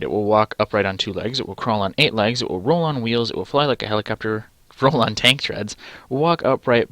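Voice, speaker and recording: A man's voice: lowish voice, fairly bright tone, no echo. A man reading a text adventure game aloud and adding dry, sarcastic asides. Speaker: let's play gamer.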